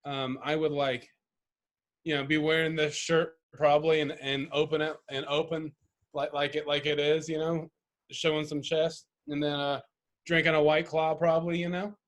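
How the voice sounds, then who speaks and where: A man's voice: on the high side, flat delivery, normal speed. A man co-hosting a casual podcast chat, rambling and profane, often laughing. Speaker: podcast co-host.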